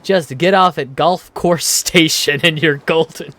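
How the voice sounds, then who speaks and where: A man's voice: on the high side, measured pace, a bit bright, pitched above the performer's own voice. A man voicing a chatty, cheerful young woman who gossips in a friendly way and giggles as she talks. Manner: bubbly, giggly, talkative.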